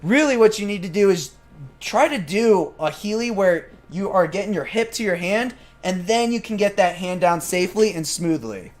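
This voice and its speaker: A man's voice: high voice, moderate pace. A young man chatting casually as a gymnast vlogger, talking over his training footage, answering viewer questions and acting out what he said at the time. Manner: chatty, animated, acts out his own past remarks.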